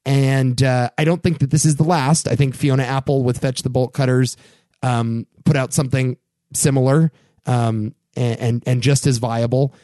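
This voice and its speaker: A young man hosting his own podcast, talking casually and getting worked up into animated rants about pop culture. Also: moderate pace, no room sound, studio quality. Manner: animated, ranting, rising pitch when worked up. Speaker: podcast host. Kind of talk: casual solo podcast commentary.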